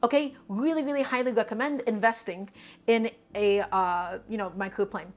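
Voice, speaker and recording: Woman from Brooklyn, cooking-stream host, a bit high-voiced, chatty and explanatory. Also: fairly even intonation, moderate pace, darkish tone. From Brooklyn, New York. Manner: chatty, explains each step while answering viewers. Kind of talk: live cooking stream, talking to chat.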